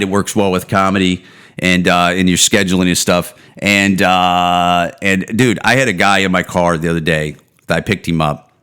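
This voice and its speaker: A man's voice: pushed and bright, smooth. Profane rambling podcast man. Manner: profane, rambling, trails off with low "dude" and "man". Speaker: podcast host. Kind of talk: casual solo rant.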